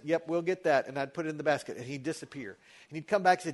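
A middle-aged man, preaching a sermon as a pastor and telling stories with quick asides that shift between loud and quiet. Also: a little high.

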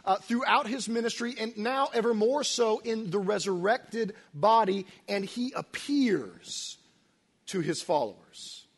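A middle-aged man preaching a sermon, emotional and storytelling, dropping to quiet, near-whispered lines at tender moments. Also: high-pitched, a little slow, slightly rough. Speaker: pastor.

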